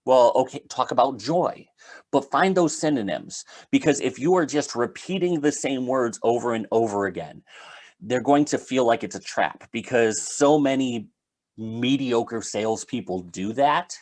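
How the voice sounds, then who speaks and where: Man explaining sales rapport. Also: medium pitch. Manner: explaining step by step, conversational with fillers. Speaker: sales trainer. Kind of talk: solo talk.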